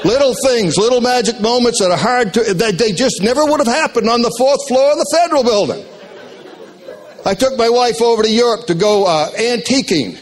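An older man with a fairly high voice tells life stories in a folksy, joking way. He is a retired speaker from Maine, animated as he works through his anecdotes. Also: fairly quick, some chatter behind. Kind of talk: motivational storytelling talk.

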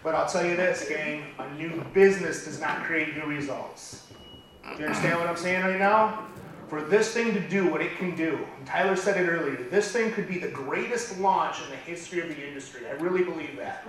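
A middle-aged man giving an impassioned motivational speech at a business event, building to near-shouting. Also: on the high side, moderate pace. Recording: echoey hall from far off, faint noise.

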